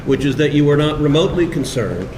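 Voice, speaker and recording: A man's voice: a little high, animated. Male politician, rehearsed cadence, roomy echo and background noise. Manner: measured, rehearsed speech cadence. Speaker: politician answering a reporter. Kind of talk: interview answer from a played clip.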